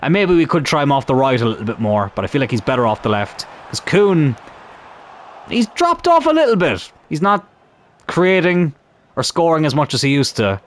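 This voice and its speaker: A young man commentating on his own football video game in a chatty, animated way, swearing mildly as he plays. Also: mid-range voice, a little fast, slight background noise. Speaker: gaming YouTuber.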